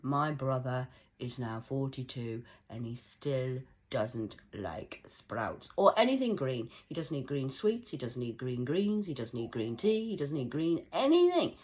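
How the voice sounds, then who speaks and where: A woman's voice: extremely low pitch, big pitch swings, measured pace, few pauses, darkish tone. A woman in her forties ranting bluntly in a heated casual monologue, swearing often. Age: 40s. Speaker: vlogger.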